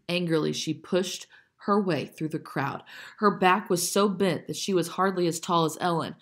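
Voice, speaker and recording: Expressive woman reading aloud. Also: lowish voice, moderate pace. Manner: expressive, with slips and self-corrections. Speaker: reader reading a chapter book aloud. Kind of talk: read-aloud narration with asides.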